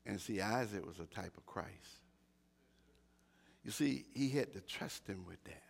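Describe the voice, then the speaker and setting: Gravelly older man preaching a sermon. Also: fairly low pitch, animated, unhurried. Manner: swings from quiet talk to shouted preaching, stammers and repeats words.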